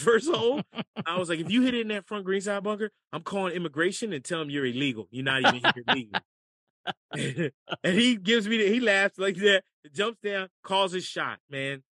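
A man from the United States, a caddie and broadcaster, telling animated stories in a podcast interview and acting out the voices of people in them. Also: high voice, no echo, clean studio sound. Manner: animated storyteller acting out voices, laughing often.

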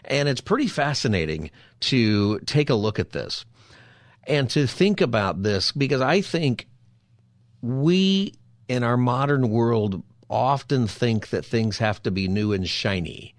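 A man's voice: mid-range voice, big pitch swings, unhurried, dry recording, clean studio sound. A man hosting a call-in radio show as a pastor, talking in an earnest, conversational way. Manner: earnest, conversational, repeats phone number.

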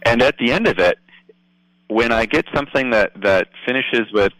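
A man's voice: mid-range voice, animated, normal speed, fairly bright tone, no echo, rough recording. A man speaking as a political guest on a radio show, earnest and explanatory, often asking "right?". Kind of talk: casual radio talk.

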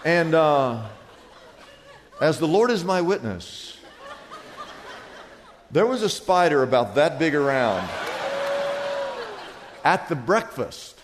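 Male pastor, high-pitched, storytelling sermon style, reverberant church hall. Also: takes it slowly, pauses often, noisy background. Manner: storytelling, animated with humor.

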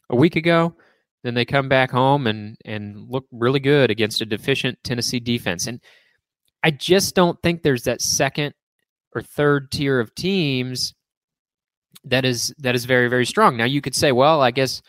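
A male sports talk host lays out strong opinions and playfully ribs his co-host. His voice sits at a middle pitch, and the recording is dry with no room echo. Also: a bit bright.

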